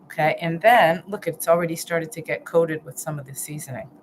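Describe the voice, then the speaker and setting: A woman's voice: deep voice, fairly quick, slight background noise, rough recording. A woman hosting a live cooking stream from her home kitchen, chatting casually and thinking aloud as she chops, with restarts and pleased hums as she tastes. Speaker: healthy-eating coach hosting a live stream.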